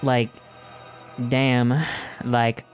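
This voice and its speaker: A man streaming a game, casually commenting in an excitable, joking way with swearing. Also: mid-range voice, very slow, soft background music.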